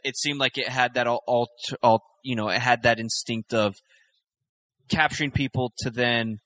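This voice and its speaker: Halting man in casual chat. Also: medium pitch, steady tone, fairly bright tone, dry recording. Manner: halting, many restarts and fillers.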